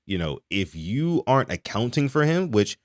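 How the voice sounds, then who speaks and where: A young man from Maryland hosting a live sports podcast, reading out donations and chatting with a lively, animated delivery. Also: mid-range voice, moderate pace, no echo, studio quality. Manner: animated, reads donations aloud. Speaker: podcast host. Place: home in Texas.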